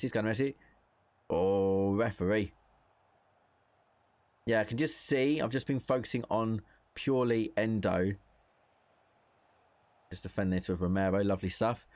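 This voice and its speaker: A young man with a lowish voice talks through a football game he is playing, in relaxed, chatty commentary. He thinks aloud as he goes and reacts to the moves on screen. The sound is dry and close, with no room around it. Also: no room sound. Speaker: gaming content creator. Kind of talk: casual gameplay commentary.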